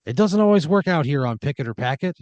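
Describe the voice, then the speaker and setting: A man voicing a cheesy, smarmy TV game show host with a brash, drawn-out showman delivery. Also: a little high, animated, darkish tone, dry recording, dull audio, voice pushed up, lightly acted. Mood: showy.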